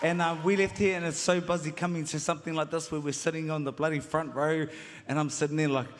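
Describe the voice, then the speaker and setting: A man's voice: on the high side, flat delivery, quick pace. A man with a New Zealand accent giving a rambling, playful acceptance speech, often laughing. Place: concert hall stage. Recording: large echoing hall with crowd noise.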